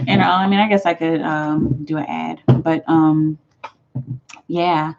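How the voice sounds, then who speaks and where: A woman's voice: sits low, darkish tone, lo-fi sound. A woman tarot reader chatting casually on a live stream, rambling with many fillers.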